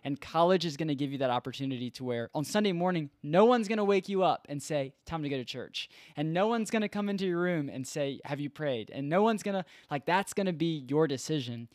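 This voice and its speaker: A man's voice: a little high, fast, hardly any pauses, a little mellow, dry recording, studio quality. A young man, a former intern who works with college students, talking earnestly in casual podcast chat and acting out bits of dialogue. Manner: earnest, conversational, reenacts dialogue. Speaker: former intern, campus ministry worker.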